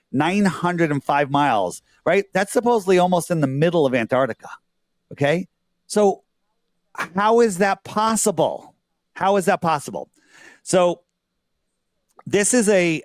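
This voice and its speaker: A man's voice: on the high side, dry recording, clean studio sound. A man being interviewed as a guest. He talks casually and earnestly, explaining things on his screen and checking in often with rhetorical questions.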